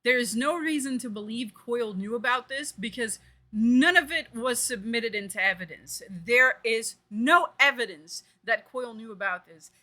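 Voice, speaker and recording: A woman's voice: a little high, moderate pace, bright, forceful tone. A woman streamer giving live reaction commentary, blunt and profane, full of fillers and emphatic outraged rants.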